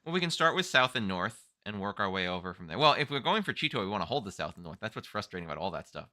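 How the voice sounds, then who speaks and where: Lively man commenting on mahjong. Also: on the low side, very fast. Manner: lively, thinking aloud over plays. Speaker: mahjong stream co-host. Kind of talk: casual game commentary.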